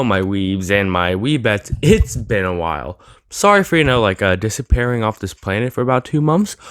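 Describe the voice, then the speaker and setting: A man's voice: medium pitch, fairly bright tone, clear, resonant tone, dry recording, clean studio sound. Sarcastic young man ranting casually. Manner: rambling, sarcastic, with filler words and restarts. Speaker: anime YouTuber. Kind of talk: casual opinion rant.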